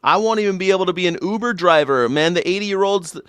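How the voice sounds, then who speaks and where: A man's voice: sits high, fast, a bit bright, clean tone, no echo. A man hosting a news reaction show, rambling and joking with profanity and silly voices. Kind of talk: casual comedic commentary.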